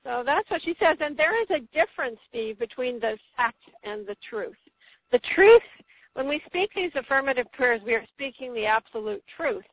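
A woman's voice: high-pitched, animated, fairly quick, few pauses, slightly rough, no room sound. A woman guest telling a healing story in a phone-in radio interview, emphatic, acting out quotes with a rising voice. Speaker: guest, spiritual healer. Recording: tinny phone line, dry.

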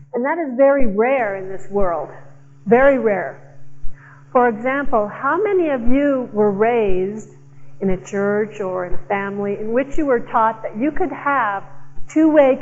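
A woman speaker giving a slow, emphatic inspirational talk to a church audience, teasing the crowd now and then. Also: a little high, muffled recording. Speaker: guest speaker.

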